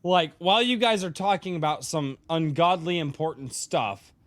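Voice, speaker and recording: A man's voice: a little high, moderate pace, a bit bright. A man hosting a casual podcast chat, rambling and swearing freely, a bit tipsy from drinking. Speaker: podcast host.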